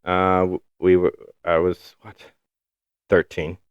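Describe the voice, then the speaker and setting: This Ohio man co-hosts a podcast, telling loose stories in casual chat and swearing freely. His voice is low, slow, smooth and monotone, captured in a dry recording with phone-quality sound.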